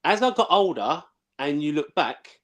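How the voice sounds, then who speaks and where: A man, telling blunt, excitable, sweary football stories in a casual live chat. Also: fairly high pitch, normal speed. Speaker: former footballer, guest.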